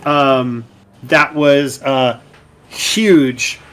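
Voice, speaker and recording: A man running a tabletop game as game master, narrating the scene with a relaxed, easy manner. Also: medium pitch, very slow.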